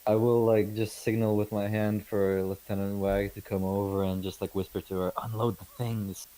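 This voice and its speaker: A man's voice: on the low side, completely flat delivery, normal speed, warm tone, low-quality recording. A man playing a tabletop role-play game, casually describing his character's actions. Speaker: player.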